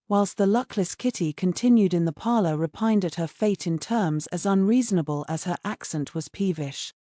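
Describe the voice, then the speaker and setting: A woman narrating a classic novel audiobook in a measured, even manner. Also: medium pitch, no room sound, studio quality. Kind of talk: scripted narration.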